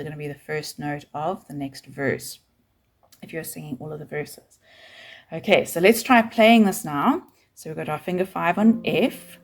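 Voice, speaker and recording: A woman with a South African accent teaching a keyboard lesson, explaining calmly and patiently, step by step, with faint keyboard notes behind her. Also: deep voice, creaky. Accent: South African English. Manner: calm, patient, counts beats aloud.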